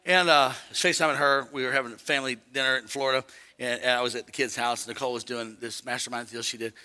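An older man preaching a sermon, telling a family story with call-and-response and shouts at the high points. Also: fairly even intonation, fast, smooth, big-room sound. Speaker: pastor. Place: church sanctuary.

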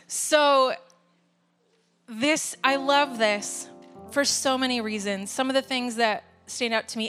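Woman leading worship, chatty and loose, soft music under her voice. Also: on the high side, steady tone, slow pace. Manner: chatty, laughs at herself. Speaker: worship leader. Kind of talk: sermon with casual asides.

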